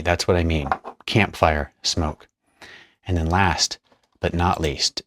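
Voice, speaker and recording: In a casual hands-on tutorial, a man with a low voice explains perfume materials while he mixes a blend, chatting and musing aloud. There's no echo on the recording.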